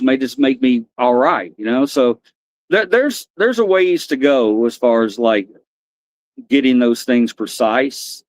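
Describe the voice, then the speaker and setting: A man's voice: mid-range voice, dry recording, rough recording. Rambling American man chatting on stream. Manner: rambling, loose and chatty, talks to viewers by name. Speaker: livestream host. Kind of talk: casual chat with chat readers.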